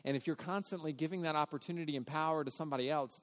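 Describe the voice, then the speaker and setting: A man's voice: a little high, fast talker, hardly any pauses, big-room sound. A man preaching a sermon in a conversational, earnest way, often acting out quoted voices. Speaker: pastor.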